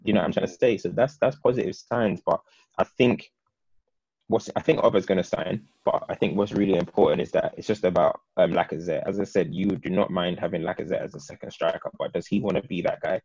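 A man co-hosting a casual football chat, talking in long, animated, opinionated runs. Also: sits low, brisk, gravelly, breathy edge, no echo, lo-fi sound.

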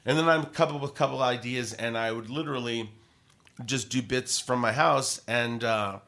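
Chatty radio host telling stories. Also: male voice, mid-range voice, normal speed. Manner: rambling, animated, many fillers and restarts. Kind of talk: casual interview storytelling.

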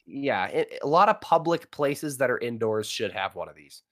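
A man's voice: mid-range voice, sing-song, moderate pace, dry recording. A man from Massachusetts, playful and teasing on a casual podcast. His voice swings up and down a lot while he talks. The sound is close and dry. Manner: playful and teasing, encouraging the guesser. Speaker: podcast co-host.

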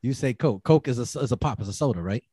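A man with a Bronx accent, talking loud and animated in casual podcast banter, breaking into laughs often. His voice is dry and close on the mic, pitched in an ordinary middle range. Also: quick pace, husky, no echo. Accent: New York (Bronx). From the Bronx, New York. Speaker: podcast co-host. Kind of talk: casual chat.

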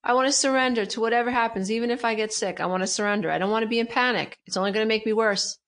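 A woman's voice: fairly high pitch, rapid-fire, a bit bright. A middle-aged woman, a guest coach in an interview, talking emphatically and repeating her key phrases with animation. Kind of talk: interview conversation.

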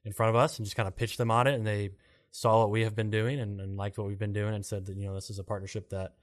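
A man co-hosting a casual podcast, speaking in a calm, rambling way full of fillers. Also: on the low side, fast. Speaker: podcast co-host and co-founder.

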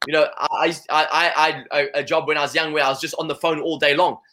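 A man talking as an interview guest, animated and full of "you know" fillers. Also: on the high side, quick pace. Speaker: guest, salesperson. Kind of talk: conversational interview.

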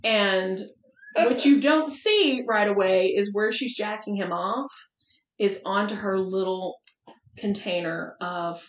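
A woman of middle pitch tells frank stories in a relaxed chat, laughing as she goes. Her voice carries a roomy echo. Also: slow. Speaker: podcast host. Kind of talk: casual chat. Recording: roomy echoey room.

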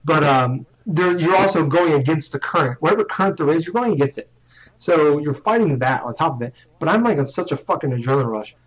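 A man's voice: on the high side, lively intonation, brisk. Young guy rambling thru a story, swears a lot, keeps restarting, kinda muffled lo-fi sound. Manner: rambling, profane, self-mocking, restarts often. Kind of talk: casual storytelling chat. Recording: slightly dull lo-fi audio.

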